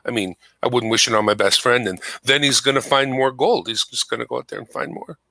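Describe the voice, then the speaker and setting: A man's voice: medium pitch, fairly quick, vocal fry, sharp tone, no room sound, poor audio. A man chatting casually from his home computer setup, explaining things at length. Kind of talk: casual chat.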